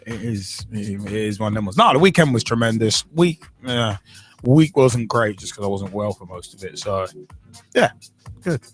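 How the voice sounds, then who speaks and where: A man hosting a casual football podcast, rambling and joking between results. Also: mid-range voice. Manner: rambling, jokey, laughs at own asides. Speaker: podcast host. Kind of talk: casual football chat show.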